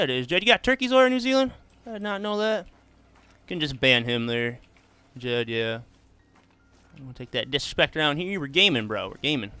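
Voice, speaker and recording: A man's voice: mid-range voice, pushed and bright. A man doing casual live gaming commentary, chatting easily with viewers and tossing in "man" and "bro" all the time. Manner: laid-back, drawls "man" and "bro" often. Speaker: streamer.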